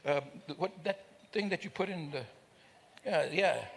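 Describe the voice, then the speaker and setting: A man's voice: fairly high pitch, normal speed, creaky, pauses often. An older man telling a funny story to a live audience, joking and teasing people in the crowd. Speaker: speaker at a celebration. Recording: reverberant hall.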